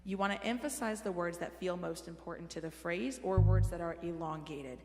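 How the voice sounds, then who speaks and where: A woman's voice: on the low side, fairly quick, darkish tone. A woman leading a choir rehearsal in a church, giving casual, encouraging instructions on diction and dynamics. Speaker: choir director. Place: church sanctuary. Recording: roomy hall with music behind.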